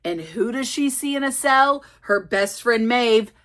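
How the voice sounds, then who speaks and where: A woman vlogging about a novel at home, talking in a rambling, excitable way full of fillers and restarts. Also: on the high side, measured pace. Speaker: book vlogger. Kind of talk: casual chat. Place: at home with her cats.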